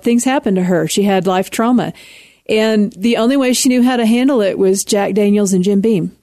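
A woman's voice: mid-range voice, brisk, dark tone, dry recording, studio quality. A woman in her fifties with a Texan accent, an author speaking earnestly as a radio interview guest. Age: 50s.

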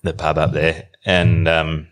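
With a bass voice, a slow pace and a completely flat delivery, he rambles through a lengthy travel tale. He's an Australian man in his thirties, relaxed and easygoing as a guest on a podcast.

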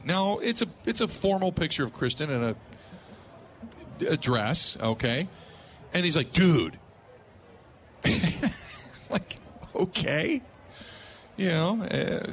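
A man's voice: a little high, slight background noise. A male sports talk radio host telling an anecdote, laughing and acting out what people said. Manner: animated, laughing storyteller acting out quotes.

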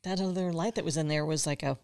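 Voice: mid-range voice, steady tone, darkish tone, no echo. Teasing podcast co-host, dry sound. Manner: teasing, quick quips. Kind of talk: casual chat.

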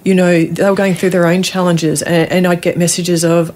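Middle-aged Australian woman, lower register, guest author sharing a heartfelt story. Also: flat delivery, normal speed, hardly any pauses, a little mellow, a little hiss or hum. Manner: earnest, emotional storytelling. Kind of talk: interview.

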